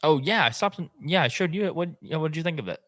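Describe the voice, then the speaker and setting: A man, a podcast host telling an animated hunting story in casual chat. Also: fairly high pitch, quick pace, dry recording, studio quality. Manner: animated, acts out quotes in voices.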